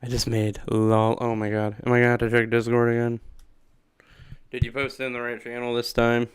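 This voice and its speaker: A man's voice: medium pitch, monotone, a little fast, clean tone, no echo. A man chatting casually on a livestream, rambling and laughing often from a small room. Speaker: streamer.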